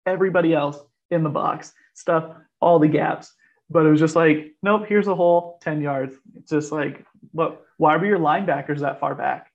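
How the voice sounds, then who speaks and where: A man hosts a casual sports podcast, and his voice sits a bit high. He rants animatedly and laughs often. The audio is muffled and lo-fi. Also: steady tone, moderate pace, vocal fry. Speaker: podcast host.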